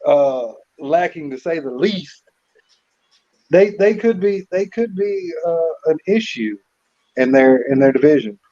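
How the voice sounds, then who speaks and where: A man co-hosting a casual sports picks chat, relaxed and repeating words as he thinks. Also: a little high, measured pace. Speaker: co-host. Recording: slightly dull lo-fi audio.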